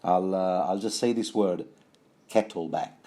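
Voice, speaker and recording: A man's voice: low voice, a little slow, warm tone. A man voicing a sly, scheming male spymaster who teases and drawls while reading from a book. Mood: teasing.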